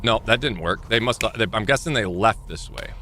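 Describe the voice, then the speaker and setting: Bright-voiced young man thinking aloud. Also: lowish voice, moderate pace, slight background noise. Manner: thinking aloud, rambling and self-correcting. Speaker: streamer. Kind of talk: live gameplay commentary.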